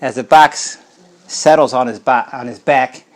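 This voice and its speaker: In a steady tone at medium pitch, a man teaching Torah as a rabbi tells stories casually and a little slowly. Throat-clearing and restarted words come often, along with Hebrew and Yiddish terms.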